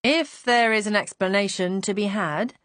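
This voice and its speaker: Measured, skeptical police inspector, voiced by a woman narrator, dry close sound. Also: medium pitch, dry recording, natural voice. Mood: calm, probing. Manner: calm, measured, quietly skeptical. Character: polite, coolly accusatory male police inspector.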